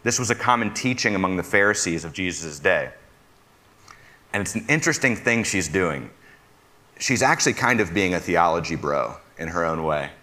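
A man gives a conversational sermon in a lowish voice with a bright, forceful edge. He often turns to his listeners with questions and talks as one of them. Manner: asks listeners questions, speaks as a fellow "fixer". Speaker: preacher.

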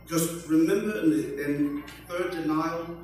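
An older man preaching a sermon, slow and emphatic, with joking asides. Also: on the high side, darkish tone, slight background noise. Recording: echoey hall from far off.

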